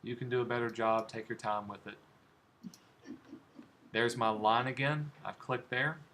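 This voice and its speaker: A man with a mid-range voice and an unhurried delivery teaches design, demonstrating on a computer in a live class. He chats easily while clicking through the steps and asks his students questions. Faint background noise is present.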